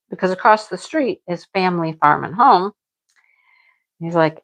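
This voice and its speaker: A woman's voice: medium pitch, normal speed, pauses often, a bit bright, poor audio. Chatty woman crafting vlogger. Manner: chatty, rambling, repeats herself. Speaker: crochet vlogger. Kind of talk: casual chat to viewers.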